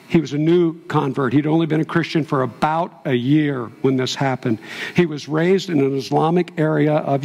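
A man's voice: a little high, gravelly, darkish tone. A man preaching a sermon as pastor, telling a story and building to impassioned peaks. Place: church sanctuary. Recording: long hall reverb.

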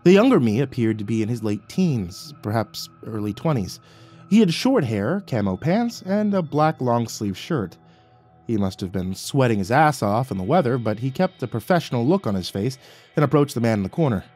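A man narrating a scripted horror story in a measured, dramatic storytelling way. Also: medium pitch, sing-song, darkish tone, breathy edge, faint music behind.

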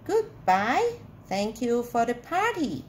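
A woman reading aloud, voicing a gentle little boy who is mistaken for a giant, in a plaintive, earnest way. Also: a little high, very animated, slow pace, slight background noise. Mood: kindly.

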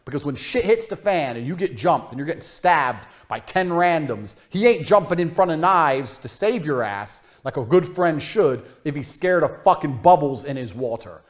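A man's voice: on the high side, expressive, moderate pace, few pauses. A man ranting in a profane, boastful, mocking way in a monologue clip. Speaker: internet personality.

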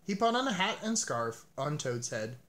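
A man reading a children's picture book aloud as narrator, with an expressive, animated delivery. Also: fairly high pitch, moderate pace.

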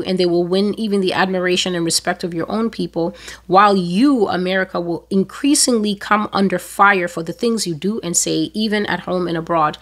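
A woman delivers a prophetic sermon in a voice of middle pitch. She speaks with strong emphasis and often rises to sudden loud peaks, sometimes slowing down and sometimes rushing ahead. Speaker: prophecy preacher. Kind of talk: sermon-style prophetic teaching.

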